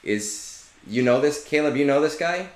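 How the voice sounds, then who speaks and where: A man's voice: fairly high pitch, expressive, moderate pace, reverberant. A man streaming a game and chatting casually with viewers, loose in manner and swearing freely. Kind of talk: casual live-stream chat.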